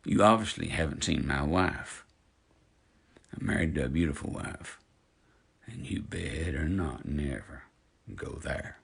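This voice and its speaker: In an angry rant aimed straight at his followers, a social media personality in his fifties preaches and calls people out directly. His very deep voice is gravelly and husky, and he speaks unhurriedly.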